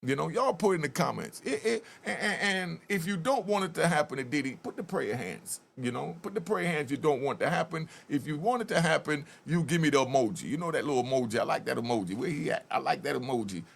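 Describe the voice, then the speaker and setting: A man who served time, talking straight to viewers in an animated, casual way as he comments on a video and tells prison stories. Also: on the high side, quick pace, gravelly, hardly any pauses.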